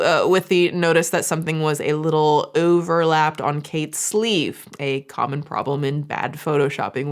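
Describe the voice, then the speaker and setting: A woman hosting a casual commentary video, sarcastic and animated, swearing now and then. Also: sits low. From United States. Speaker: commentary YouTuber host.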